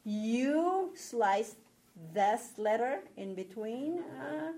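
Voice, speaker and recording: A woman's voice: a little high, animated, drawn-out words, warm tone, slight background noise. A woman teaching a Hebrew reading class, patiently checking that her students follow along. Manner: patient, checks understanding with "okay?". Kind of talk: classroom lesson.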